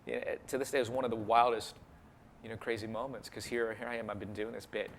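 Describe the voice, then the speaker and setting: Comedian guest, male, mid voice, animated anecdotes, quick to laugh, faint background hiss. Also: mid-range voice. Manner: animated storyteller, laughs easily. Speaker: interview guest, mentalist and comedian. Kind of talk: casual interview chat.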